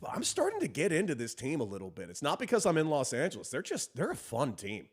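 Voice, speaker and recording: A man's voice: fairly high pitch, wildly swooping pitch, quick pace. A man in his thirties co-hosting a sports podcast, loose and joking in casual chat. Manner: loose, joking, laughs easily. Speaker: podcast co-host.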